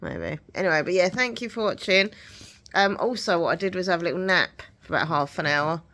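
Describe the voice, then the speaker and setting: A woman's voice: lowish voice, brisk, bright, forceful tone. A woman chatting casually in a home vlog, rambling and giggly, her voice a bit nasal from hay fever. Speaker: vlogger.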